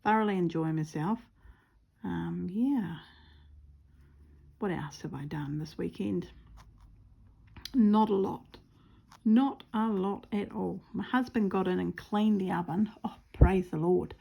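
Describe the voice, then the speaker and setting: A woman's voice: on the low side, gravelly, mellow. A woman with a New Zealand accent chatting casually and rambling while she stitches, with self-mocking humour. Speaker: craft vlogger.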